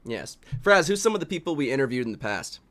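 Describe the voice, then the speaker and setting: A man co-hosting an underground music review stream in crude, profane banter, swinging between low mutters and sudden yelled outbursts. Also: big pitch swings, fast. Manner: loud, swearing, drops to low mutters, yells outbursts. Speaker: co-host of an indie music review show.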